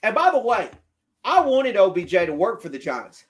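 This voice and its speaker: A man's voice: sits high, sing-song, normal speed. A man streaming casual football commentary, emphatic and repetitive, answering his chat. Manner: emphatic, repeats himself, argues with chat. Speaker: sports streamer.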